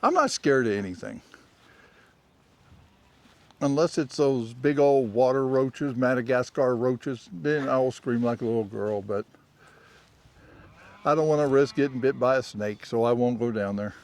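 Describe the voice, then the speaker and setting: Man, casual trail vlogger, teasing humor, average pitch, unhurried outdoor chat. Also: darkish tone. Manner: joking, teasing, laughs often.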